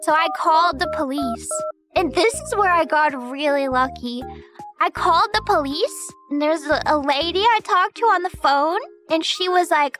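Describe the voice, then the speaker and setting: Woman streamer, very high bright voice, giggly animated storyteller. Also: moderate pace, faint music behind. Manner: giggly, laughs often while talking; animated, jumps higher when excited. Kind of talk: casual storytelling chat.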